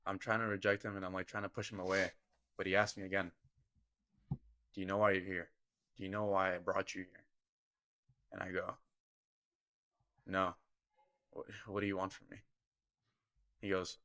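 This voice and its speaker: On a podcast, a young football kicker shares a personal story with earnest, vivid detail in a relaxed interview setting. He speaks in a low-pitched, bright voice with a forceful tone, and there's no echo on the recording.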